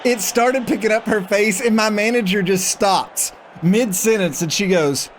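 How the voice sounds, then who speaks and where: The voice sits high and moves at a measured pace, with a little hiss or hum in the recording. This man streams a football management game, giving casual commentary as he reads its prompts aloud and reacts.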